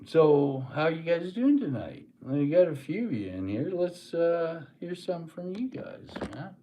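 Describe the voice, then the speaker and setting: A man's voice: a little high, sing-song, moderate pace, hardly any pauses, mellow, slight background noise. A man hosting a live stream, talking in a rambling, laid-back way with lots of fillers. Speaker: livestream host. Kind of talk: casual live-stream chat.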